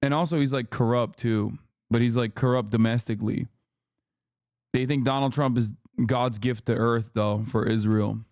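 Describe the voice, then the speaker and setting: A male streamer giving animated, profane, sarcastic live commentary in a casual rant. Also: mid-range voice, normal speed, no room sound, clean studio sound.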